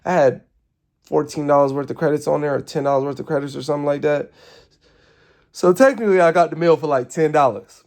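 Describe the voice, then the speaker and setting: A man telling a rambling, casual story to his live viewers, animated and swearing freely, sounding tired and yawning. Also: a little high, brisk, vocal fry. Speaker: streamer.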